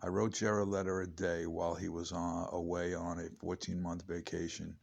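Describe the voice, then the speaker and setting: Deep gravelly guy, late 50s, rambling through his own memoir with lots of jokey asides. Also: flat delivery, normal speed. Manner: chatty, digressive, wry asides. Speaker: author reading his memoir. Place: home.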